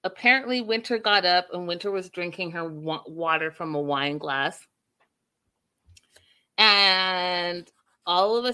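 A woman talks her viewers through a reality show episode, animated and gossipy, like chatting with friends. Her voice is bright and forward, with a lively, energetic edge. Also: on the high side, smooth. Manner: animated, gossipy storytelling, addresses viewers directly. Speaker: reality TV recap host. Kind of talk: casual chat recapping a show.

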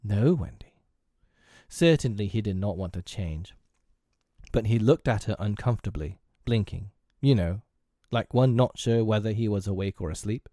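A man reading a classic children's story aloud with expressive, lilting narration. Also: fairly low pitch, moderate pace, no echo, clean studio sound.

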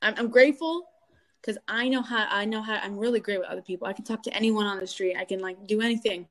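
A young adult woman guest in an interview, telling a painful family story with animated delivery and acted-out quotes of other people. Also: medium pitch, fast. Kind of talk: candid personal interview.

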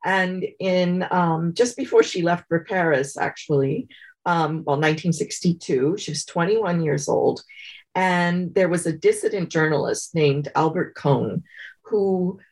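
Woman interview guest, low husky voice, unhurried and reflective storytelling. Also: darkish tone. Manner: thoughtful, measured storytelling with many pauses. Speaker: guest author. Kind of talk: interview conversation.

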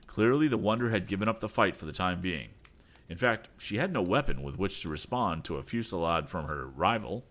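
A man hosting a storytelling podcast, reading an adventure book aloud with expressive narration. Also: deep voice, a little fast. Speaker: podcast host and audiobook reader. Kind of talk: audiobook narration.

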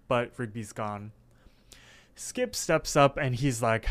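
A man's voice: medium pitch, measured pace, fairly bright tone. A man co-hosting a casual podcast, retelling cartoon scenes with lots of fillers. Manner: recaps scenes with many fillers. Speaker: podcast co-host.

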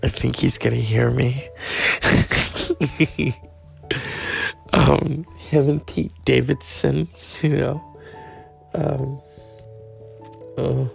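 A slow, drawling man hosts his own podcast and rambles through a profane, mock-outraged monologue. His voice is deeply gravelly with heavy fry. Faint music plays behind him. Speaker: podcast host. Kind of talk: crude comedic monologue.

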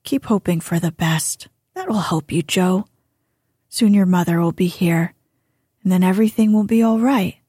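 A woman voicing an eager, teasing teenage boy in an audiobook, talking fast. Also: lowish voice, dark tone, slightly rough, dry recording, clean studio sound. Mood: comforting.

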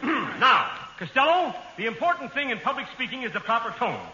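An actor playing a pompous bald professor of public speaking, with booming, florid diction in 1940s radio comedy acting. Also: male voice, big pitch swings, brisk, pushed and bright, muffled recording, exaggerated voice. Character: pompous bald male elocution professor, windy. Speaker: comic guest character. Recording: echoey old radio broadcast, hissy.

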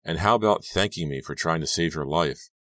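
A man's voice: rumbling low, fairly quick, no echo. A man voicing a worried teenage girl in an audiobook. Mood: urgent. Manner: urgent, then gentle. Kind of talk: audiobook character voice.

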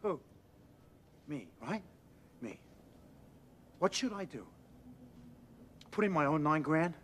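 An actor playing a frantic record store manager, ranting in exasperated rhetorical questions. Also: male voice, fairly high pitch, big pitch swings, slow pace, a bit bright, slight background noise, full character voice.

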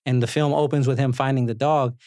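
A man hosting a podcast, recapping movie scenes in a lively, joking way, with casual swearing. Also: medium pitch, brisk, dry recording. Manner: animated storyteller, swears, laughs often. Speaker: podcast host.

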